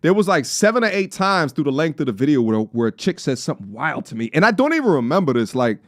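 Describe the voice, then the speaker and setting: Quick-paced and fairly high, with big pitch swings and a slightly bright tone, a Long Island man in his thirties reacts to a video on stream. He speaks with a faint New York accent, keeps it loose, slangy and jokey, and sometimes sings, in studio quality with no room sound.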